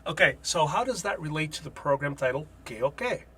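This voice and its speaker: Husky, bright-voiced comedic host. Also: male voice, a little high, animated, brisk, faint music behind. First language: Spanish. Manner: jokey, wry asides. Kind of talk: comedic language lesson.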